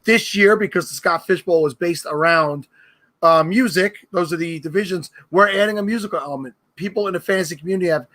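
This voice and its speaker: A man's voice: high-pitched, fairly quick, a bit bright. A man with a New York accent, a guest on a podcast, chatting casually and teasing the hosts. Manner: joking, teasing, self-promoting.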